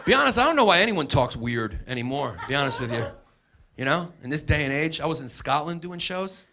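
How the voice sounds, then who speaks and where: Casting note: middle-aged American comic man, high voice that swings wildly, profane and brash, on a noisy live club recording. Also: very animated, brisk. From United States. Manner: brash, profane ranting with loud mocking impressions. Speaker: stand-up comedian. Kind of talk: live stand-up set. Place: comedy stage before a laughing audience.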